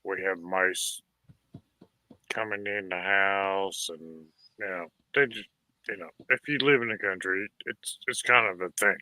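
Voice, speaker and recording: A man in casual chat who drawls his stories at a slow, easy pace. His voice is a touch low but very bright. The sound is dry and close. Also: dry recording. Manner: drawling storyteller, folksy. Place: rural home.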